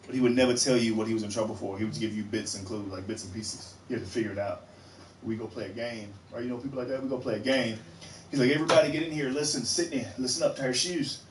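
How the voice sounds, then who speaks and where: Comedian telling stories, echoey club. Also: male voice, on the low side, steady tone, fast talker. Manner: dry storytelling, checks in with audience. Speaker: stand-up comedian. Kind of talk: stand-up comedy. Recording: echoey club, noisy, from far off.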